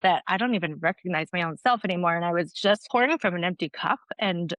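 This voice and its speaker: A woman's voice: on the low side, quick pace, fairly bright tone, dry recording. A woman in her thirties, a nurse guest on a podcast, telling her personal story earnestly with lots of "like" fillers. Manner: earnest, heavy use of "like" as filler. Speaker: guest, registered nurse and mom educator.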